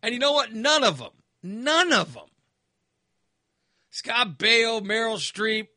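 A man's voice: very high-pitched, expressive, takes it slowly, bright, forceful tone, no echo, studio quality. A man ranting casually, exasperated and sarcastic, sounding fired up. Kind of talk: casual opinion rant.

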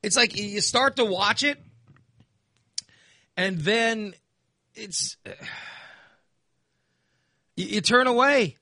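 A man's voice: high voice, takes it slowly, long pauses, sharp tone, no echo. A man ranting casually, exasperated and sarcastic, sounding fired up. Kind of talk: casual opinion rant.

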